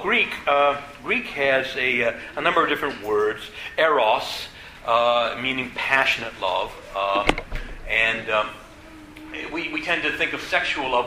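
A man teaching an adult church class, halting with many "uh"s and repeated words, then speeding through his points. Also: medium pitch, pushed and bright, slight background noise. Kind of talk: adult faith class lecture. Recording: echoey room, faint ambience.

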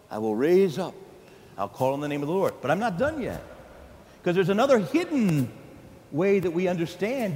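A priest preaching a sermon in a lively, folksy manner, calling out to the congregation for answers. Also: male voice, high voice. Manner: lively, call-and-response with the congregation, folksy asides. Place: church. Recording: long hall reverb in a church, faint ambience.

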